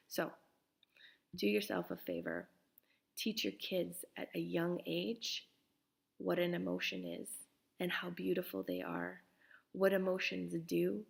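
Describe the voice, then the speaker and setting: A middle-aged woman, a parenting coach, talking earnestly to parents and dropping now and then into soft whispers. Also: lowish voice, gravelly. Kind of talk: casual talk to parents.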